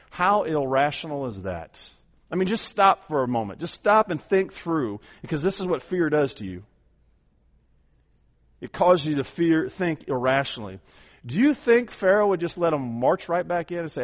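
A man preaching a sermon with a folksy, conversational manner and rhetorical questions, swinging from quiet asides to loud, drawn-out proclaiming. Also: a little high, very animated. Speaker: pastor. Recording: long hall reverb.

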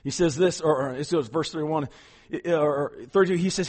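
A man preaching a sermon, emphatic, often repeating words and swinging between loud and soft. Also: fairly high pitch, steady tone, a little fast. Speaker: pastor.

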